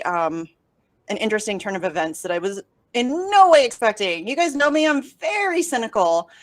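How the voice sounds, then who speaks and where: A woman co-hosting a casual online chat, animated, swearing and laughing often as she talks over a video call. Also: mid-range voice, dry recording. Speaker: show co-host.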